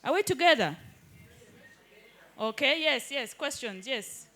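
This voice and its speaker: A woman's voice: high voice, expressive, unhurried, a bit bright, soft background music. A woman teaching a live hands-on workshop in an indoor training room, keeps checking that the group follows. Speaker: digital skills trainer.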